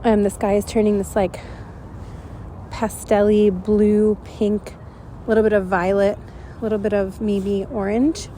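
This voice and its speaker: A woman's voice: mid-range voice, level tone, unhurried, mellow, a little hiss or hum. A woman giving a casual spoken channeling message, rambling and dreamy with many fillers, a bit congested and stuffy. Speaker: spiritual channeler. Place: outdoors at dusk.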